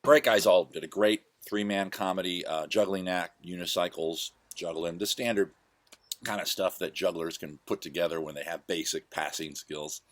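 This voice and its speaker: A man's voice: low voice, fairly even intonation, moderate pace, a bit bright, no room sound. A man hosting his own show, casually telling rambling, self-correcting stories from his past. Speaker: host. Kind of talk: casual storytelling monologue.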